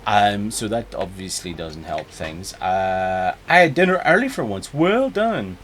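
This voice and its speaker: Animated man chatting on stream. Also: on the low side, measured pace. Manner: animated, chatty, jumps between topics. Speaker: game streamer. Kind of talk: casual live-stream chat.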